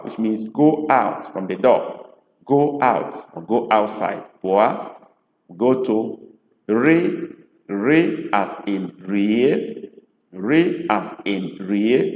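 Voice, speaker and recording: Low-voiced Nigerian man, native Igbo speaker, as a patient tutor who repeats each word, in a reverberant room. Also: a little mellow. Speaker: language tutor. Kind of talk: teaching pronunciation. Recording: echoey room with long reverb.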